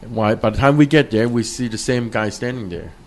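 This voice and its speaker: A man's voice: medium pitch, fairly quick. A man interviewing a guest, with short murmurs of agreement and eager questions. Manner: short backchannels, laughs along, eager questions. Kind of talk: casual interview.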